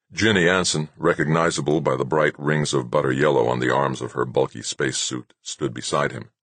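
A man narrating an audiobook in a measured, steady way. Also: extremely low pitch, vocal fry, dry recording.

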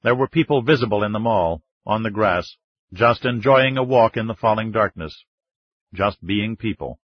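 Husky low-voiced male audiobook narrator. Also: dry recording. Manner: measured, steady storytelling. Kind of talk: scripted narration. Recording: slightly dull lo-fi recording.

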